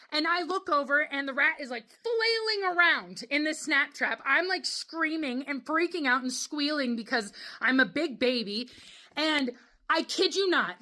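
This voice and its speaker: Bright, high-voiced woman telling a story. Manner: animated, acts out her own reactions. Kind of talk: casual storytime.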